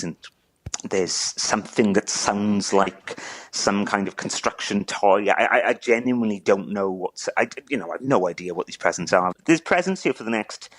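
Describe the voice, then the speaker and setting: A man recounting a neighbour's gift, halting and repeating words as he chokes up. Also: fairly low pitch, no room sound, rough recording. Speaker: interviewee, neighbour telling a story. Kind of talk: emotional phone interview.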